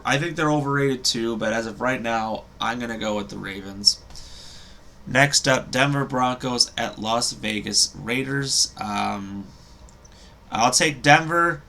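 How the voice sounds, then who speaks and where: Bright-voiced young man rambling football picks. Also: mid-range voice. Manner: rambling, hesitant, self-correcting with frequent ums. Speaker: sports podcast host. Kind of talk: casual sports predictions.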